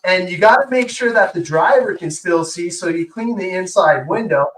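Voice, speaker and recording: A man's voice: sits high, animated, moderate pace, a bit bright. Chatty man demoing in an echoey room. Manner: chatty, enthusiastic, lots of fillers. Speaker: co-host. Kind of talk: casual show-and-tell demo. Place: indoor workshop room. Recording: roomy echo, far from mic.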